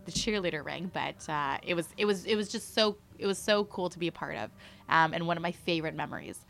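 Bright-voiced chatty woman. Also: lowish voice, quick pace, vocal fry. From Canada. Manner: chatty and animated, many fillers and restarts. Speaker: guest, former pro football cheerleader. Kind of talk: casual chat, storytelling.

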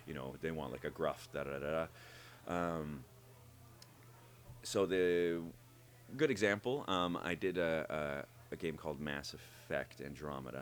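A man who works as a voice actor, talking in an interview and explaining how he builds his characters, animated and demonstrating as he goes. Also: a bass voice. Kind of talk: interview conversation.

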